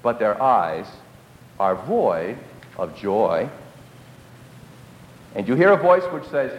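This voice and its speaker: A man preaching a sermon as a story, dramatic, dropping to hushed lows for emphasis. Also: lively intonation, slow pace, long pauses, dull audio, slight background noise. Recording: echoey hall.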